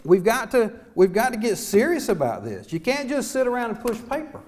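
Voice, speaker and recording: A man's voice: extremely high pitch, sing-song, a little fast, darkish tone, a little hiss or hum. A middle-aged man, a small-town mayor giving an impassioned, folksy speech full of rhetorical questions at a conference. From North Carolina. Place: conference hall.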